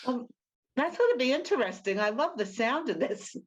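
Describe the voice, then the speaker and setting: A woman's voice: high voice, animated, husky. Woman host on a dull lo-fi line. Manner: encouraging, quick reactions. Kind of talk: interview. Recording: dull lo-fi sound.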